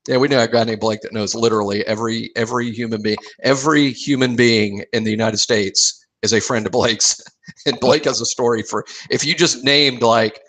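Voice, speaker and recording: A man co-hosting a podcast, chatting casually and reacting to stories with quick jokes and laughter. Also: mid-range voice, fairly even intonation, fairly bright tone. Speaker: podcast co-host. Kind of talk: casual chat.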